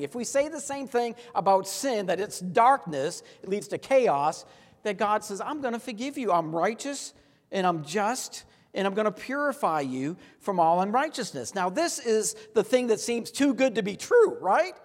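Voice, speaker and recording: A man with a high voice preaches a sermon in a church sanctuary. He speaks earnestly and leads the congregation in call-and-response. His voice rings with long hall reverb. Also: lively intonation, normal speed. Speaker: pastor.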